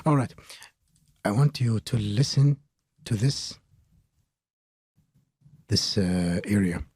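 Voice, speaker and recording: A man hosting an audio production tutorial, talking haltingly with many filler pauses as he explains plugins. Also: on the low side, lively intonation, darkish tone, breathy edge, no room sound, clean studio sound. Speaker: mixing tutorial host.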